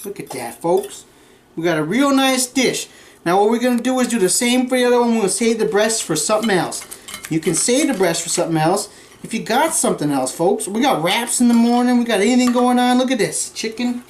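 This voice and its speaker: A man's voice: very high-pitched, a little fast, slight background noise. A man playing a folksy redneck cooking-show host, boastful and bossing his cameraman around in a home kitchen. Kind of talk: comic cooking demonstration. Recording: roomy kitchen echo.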